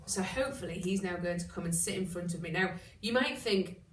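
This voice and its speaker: Woman, dog trainer, casual how-to delivery, recorded from afar in a reverberant room. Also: a little fast. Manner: chatty explaining, with bursts of high excited praise to a dog. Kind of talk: casual instructional talk. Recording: roomy echo, distant mic, background noise.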